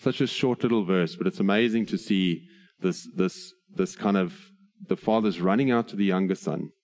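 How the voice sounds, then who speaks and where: A man preaching an earnest sermon, slowing on key phrases and adding light humor. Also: deep voice, a little mellow. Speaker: pastor.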